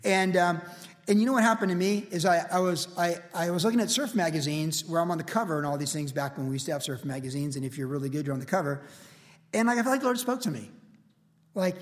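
A man's voice: on the high side, expressive, fast, in a large hall. A man in his sixties preaching a verse-by-verse sermon as a pastor, telling stories in a casual way with lots of "like" and "you know". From United States. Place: church.

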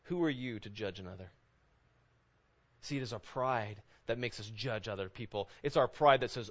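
A man's voice: on the low side, normal speed, muffled recording. A man in his thirties preaching a sermon in a conversational way, full of rhetorical questions. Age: 30s. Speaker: pastor.

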